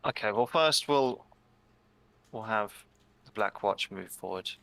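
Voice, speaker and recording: A man playing a tabletop wargame, talking things through and hesitating as he decides his moves. His voice is low and bright. The recording is dry and close, with no room echo. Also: a little slow, creaky. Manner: hesitant, repeats words while deciding. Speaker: player. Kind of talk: casual chat over a tabletop wargame.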